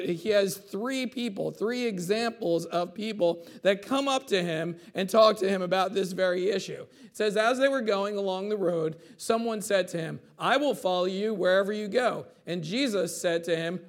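A man preaching a sermon in a conversational way, often checking in with the listeners and acting out quotes. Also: high-pitched. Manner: conversational preaching, acts out quotes with asides like "okay?". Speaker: pastor.

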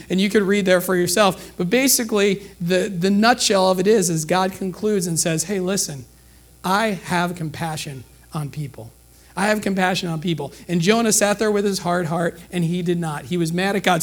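A man preaching a sermon in a conversational way, acting out quick bits of dialogue and checking in with his listeners with "okay?". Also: high-pitched.

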